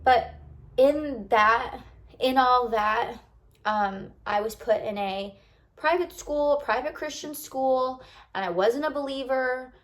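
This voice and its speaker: A woman's voice: high-pitched, takes it slowly. A young woman from the United States talking to camera in a rambling, confiding way, full of likes and restarts. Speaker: lifestyle vlogger. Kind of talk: casual heartfelt talk to camera.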